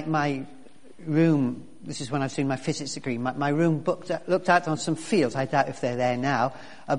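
Pastor preaching in a reverberant hall. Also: male voice, a little high. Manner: conversational, with many restarts and fillers. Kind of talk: sermon. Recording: long reverb of a large hall.

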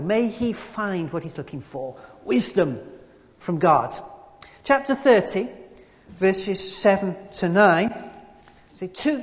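A man preaching a sermon in a conversational, gently humorous way. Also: on the high side, long reverb tail, lo-fi sound.

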